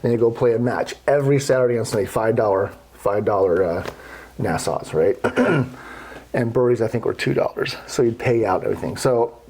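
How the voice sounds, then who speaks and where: Profane, animated middle-aged storyteller man. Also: mid-range voice, normal speed. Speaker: golf podcast guest telling stories. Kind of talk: casual storytelling.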